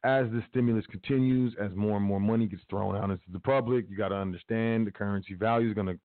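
A podcast host reads out news and mixes in emphatic, slangy commentary, addressing his listeners directly. His fairly low voice is fast and fairly even in intonation, with no room sound; the recording is dry and narrow like a phone, with faint music underneath.

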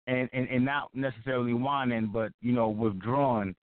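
A man co-hosting a radio chat show, measured and calm, often stammering as he restarts his sentences. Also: medium pitch, dry recording. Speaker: co-host. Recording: dry tinny phone line.

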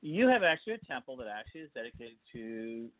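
A man's voice: medium pitch, sing-song, fast, no room sound. A man hosting a podcast interview, asking long rambling questions with many halts and restarts. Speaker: podcast host. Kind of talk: casual interview. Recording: tinny phone-like line.

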